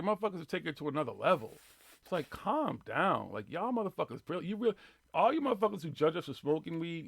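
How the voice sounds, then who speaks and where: Fast-talking gravelly man ranting. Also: mid-range voice, fairly bright tone, no echo. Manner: profane, ranting, laid-back slang. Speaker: host of a paranormal live radio show. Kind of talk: casual live radio chat.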